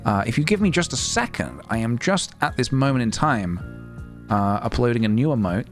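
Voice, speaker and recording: Playful man streaming, lively pitch. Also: normal speed, faint music behind. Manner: playful, rambling, talking to himself while working. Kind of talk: casual live-stream chat.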